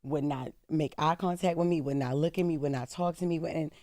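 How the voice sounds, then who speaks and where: A woman's voice: sits low, fairly quick, dark tone, no echo. A woman radio co-host talking frankly and casually in a radio studio, swearing freely. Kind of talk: candid radio talk.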